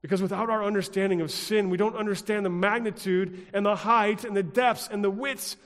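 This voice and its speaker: A pastor delivering a sermon in a rhythmic, repetitive style, dropping at times to a hush. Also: male voice, high-pitched, fairly even intonation, a little fast, long reverb tail. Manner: rhythmic, repetitive preaching with dramatic drops to a hush.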